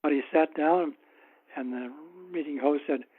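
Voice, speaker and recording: Male author guest with a slightly high voice, wry and anecdotal, on a tinny phone-like line. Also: a little slow. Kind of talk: casual interview storytelling.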